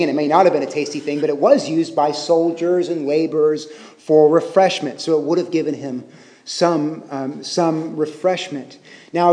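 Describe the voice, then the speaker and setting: A man's voice: fairly high pitch, darkish tone. Guy preaching a sermon, chatty, keeps asking the crowd questions, big echoey church sound. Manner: conversational, asks the listeners questions. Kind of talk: expository sermon. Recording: reverberant hall.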